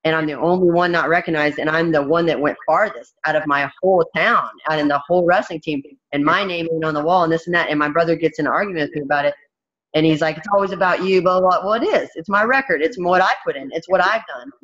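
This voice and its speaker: A woman's voice: deep voice, steady tone, fast, fairly bright tone. A woman in her thirties, a fighter as interview guest, talking candidly in a blunt, emphatic way with many restarts. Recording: dull, muffled recording.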